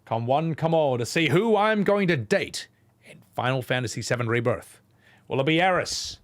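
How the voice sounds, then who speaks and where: Animated male streamer acting out scenes. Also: mid-range voice, moderate pace. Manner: animated, swearing, acts out movie scenes in voices. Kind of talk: casual livestream chat while gaming.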